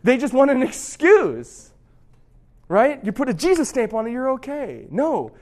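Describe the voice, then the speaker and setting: A young adult man preaching a casual, conversational sermon, telling stories with swings between loud emphasis and hushed drama. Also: very high voice, a little fast. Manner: animated storytelling, drops to a hush for drama; conversational, addresses audience directly.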